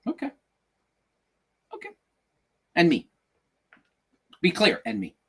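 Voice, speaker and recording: Middle-aged man, podcast co-host, casual joking chat, lively pitch, husky voice. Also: takes it slowly. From outside the United States. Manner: joking, repeats himself.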